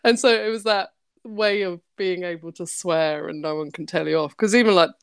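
Woman, comic artist guest, lowish voice, dry close sound, giggly, sweary. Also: moderate pace, creaky, clean tone, no echo. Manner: laughs often, swears freely, chatty. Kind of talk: casual chat.

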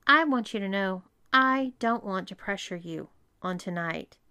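A woman voicing an earnest young man on a date, speaking gently and reassuringly. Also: medium pitch, lively intonation, a little slow, clean tone, dry recording, studio quality. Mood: gentle.

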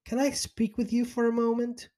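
A man's voice: fairly high pitch, animated, slow pace, a little mellow. A man voicing a stern, domineering older woman who leads a religious community, harsh and falsely sweet.

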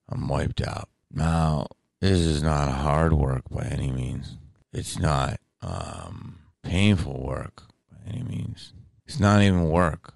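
Very deep, gravelly, tired man podcasting. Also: darkish tone, dry recording. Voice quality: deep morning voice. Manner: candid, rambling, restarts sentences. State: tired, just woke up. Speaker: podcast host. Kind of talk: casual podcast monologue. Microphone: studio microphone.

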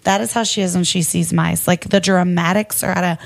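A woman's voice: on the low side, fairly even intonation, a little fast, gravelly. A woman co-hosting a podcast, chatting casually in a blunt, teasing way. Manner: blunt, swears freely, teasing. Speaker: podcast co-host. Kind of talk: casual chat.

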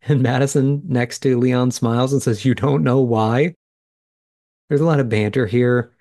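A man's voice: medium pitch, fairly even intonation, moderate pace, mellow, dry recording, studio quality. A man hosting a podcast, recapping episodes in a chatty way and thinking aloud as he goes. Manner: chatty, thinks aloud, reacts in real time. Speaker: podcast host. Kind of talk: casual recap commentary.

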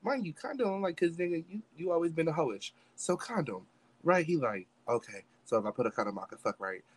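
A young man co-hosting a podcast tells a story in a slightly high, breathy voice, animated and fairly quick. He's dramatic, performs every quote, and swears freely.

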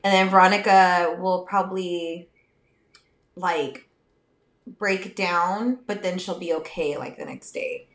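A woman's voice: lowish voice, takes it slowly. Candid swearing woman co-host, echoey room. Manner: candid, swears freely, animated storytelling. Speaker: podcast co-host, biological mom. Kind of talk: casual chat.

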